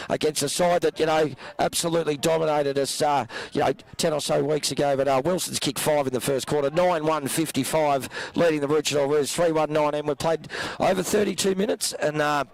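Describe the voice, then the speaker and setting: An Australian man calling a live local football match as play-by-play commentator, voice going hoarse, rising to excited shouts on goals. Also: on the high side, fairly quick, hardly any pauses, low-quality recording.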